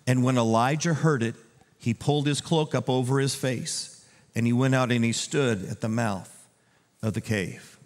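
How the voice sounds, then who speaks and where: A man preaching a conversational sermon as a pastor, dropping to a hushed, gentle tone and then rising into loud, urgent appeals. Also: mid-range voice, moderate pace, long reverb tail. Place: church auditorium.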